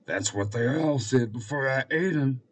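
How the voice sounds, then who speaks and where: A man's voice: mid-range voice, slight background noise, voice pushed up, natural voice. A man voicing a greedy, gloating fat man who eats children in a bedtime tale. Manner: gloating, drawn-out threats.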